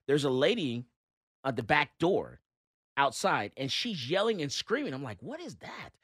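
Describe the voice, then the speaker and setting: A man hosting a casual talk show, telling animated stories and giving blunt opinions. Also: mid-range voice, normal speed, husky, no room sound, studio quality. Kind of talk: casual talk radio chat.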